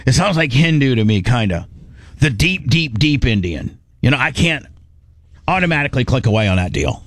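A man hosting a podcast in casual chat, talking in halting, rambling, self-deprecating bursts. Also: medium pitch, very animated, dry recording, studio quality. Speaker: podcast host.

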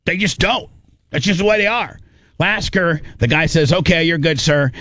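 A man's voice: a little high, moderate pace, no echo, clean studio sound. A man casually telling a funny story, acting out the people in it and often laughing. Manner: animated, acts out voices, laughs often.

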